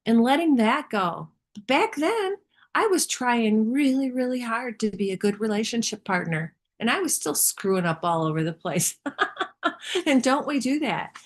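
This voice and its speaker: A woman's voice: fairly high pitch, expressive, moderate pace. Candid woman sharing in a study group. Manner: candid, rambling, self-reflective. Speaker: participant in a spiritual study group.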